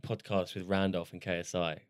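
This young podcast co-host has a low voice and a level tone, talking at normal speed in clean studio sound with no echo. He chats casually, laughs often and swears freely.

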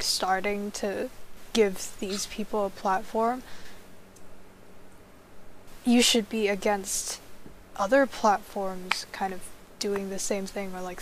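A woman's voice: mid-range voice, slight background noise, low-quality recording. A woman co-hosting a podcast, talking things through thoughtfully and filling with "like". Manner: thoughtful, hedging with "like". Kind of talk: casual podcast discussion.

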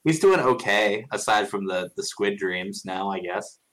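A man with a fairly low voice chatting as a guest on a podcast. He thinks out loud, teases the others and pauses on fillers. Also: animated, rough recording. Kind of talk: casual chat.

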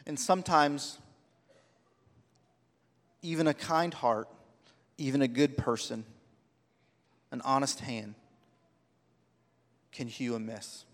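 A man's voice: mid-range voice, takes it slowly, pauses often, long reverb tail. A man preaching a sermon, telling personal stories with heartfelt, rising emphasis. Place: church sanctuary.

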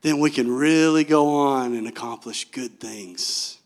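A man's voice: medium pitch, a little slow, voice pushed down, close to an everyday voice. A male preacher acting out Peter, a pushy man trying to coach Jesus in a confiding, bossy tone.

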